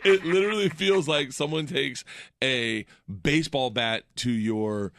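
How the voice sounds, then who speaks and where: A man in his thirties telling a story in casual chat, rambling and self-deprecating, laughing often and dropping into a low deadpan voice when quoting people. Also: a little slow, dry recording.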